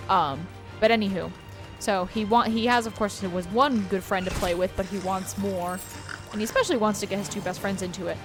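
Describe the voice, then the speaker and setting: A woman's voice: mid-range voice, steady tone, brisk, over music. A woman co-hosting a let's play, telling a long rambling story in casual chat while gaming. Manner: rambling storyteller, heavy use of "like". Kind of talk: casual chat over gameplay.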